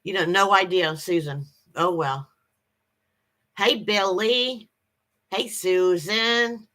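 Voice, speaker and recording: A woman hosting a casual livestream, greeting viewers by name and chatting in a halting way with lots of ums and restarts. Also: mid-range voice, fairly bright tone. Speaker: livestream host.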